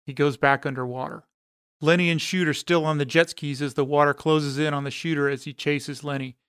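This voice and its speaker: A man reading an action story aloud as narrator, in a steady, even delivery. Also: fairly high pitch, fairly quick, clear, resonant tone, no room sound, studio quality.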